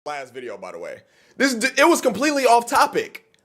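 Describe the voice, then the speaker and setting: A man's voice: extremely high pitch, a little fast. A man making a heated, profane monologue video, ranting to the camera as a content creator. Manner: heated, profane, animated rant.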